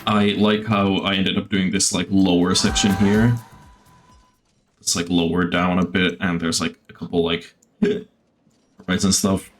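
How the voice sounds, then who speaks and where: A man's voice: low voice, fairly even intonation, a little slow, faint music behind. A man streaming a theme-park building game, chatting casually with lots of fillers and the odd swear. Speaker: gaming streamer. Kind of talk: casual gameplay commentary. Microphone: desktop mic.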